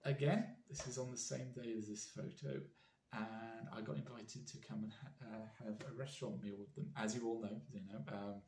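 A man's voice: fairly low pitch, fairly even intonation, normal speed, a little mellow, slight background noise. A man with a British accent giving a heartfelt, rambling fan message with frequent restarts. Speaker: fan vlogger. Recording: roomy echo.

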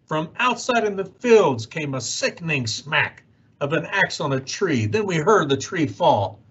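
A man reading a rhyming children's storybook aloud with an expressive, swooping delivery. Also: fairly high pitch, a little slow, breathy edge, muffled recording. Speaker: youth organization director.

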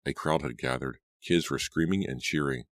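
Very deep-voiced male audiobook narrator. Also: moderate pace, a bit bright, no echo, clean studio sound. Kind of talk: scripted storybook narration.

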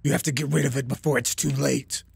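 A man's voice: medium pitch, fairly even intonation, fast talker, creaky, breathy edge, no room sound, pitched below the performer's own voice, full character voice. A man voicing a stern, cryptic talking bird. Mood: stern warning.

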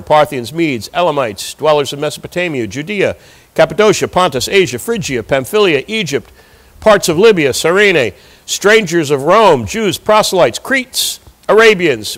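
High-voiced preaching man. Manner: reads scripture aloud, then explains it with rising emphasis. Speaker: pastor. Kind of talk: sermon. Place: church sanctuary.

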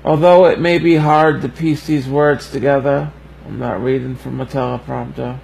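Young man, slow and gravelly, halting and teary, livestream birthday message, faint background noise. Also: mid-range voice, level tone, darkish tone, poor audio. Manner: slow, halting and heartfelt, fighting back tears.

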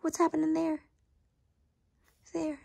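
A woman reading a storybook aloud to children, pausing to ask questions and dropping into soft whispered asides. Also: sits high, completely flat delivery, creaky. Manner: gentle, asks the listener questions, whispered asides.

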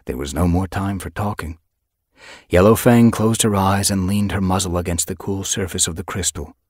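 A man narrating an audiobook in an expressive storytelling manner, recorded in a studio. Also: low voice, normal speed, no echo. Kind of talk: scripted narration.

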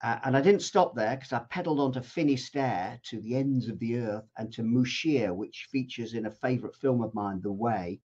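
An older man from southern England, an author and TV presenter, telling a travel story with exuberant, animated energy and quaint exclamations. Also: medium pitch, normal speed, few pauses, husky, lo-fi sound. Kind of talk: enthusiastic storytelling talk.

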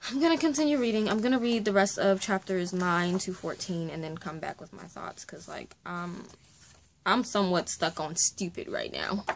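A woman talking through her reactions to a book in a casual vlog, her voice at a middling pitch. She is animated and exclamatory and uses lots of slang. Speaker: book vlogger.

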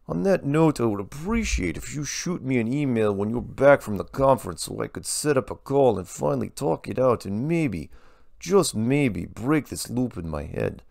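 An earnest, long-winded male emailer with a thick put-on Russian accent, as a man voices him. The voice sits well above the reader's own low tone and comes across gravelly at the edges. The sound is close and dry. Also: darkish tone, dry recording.

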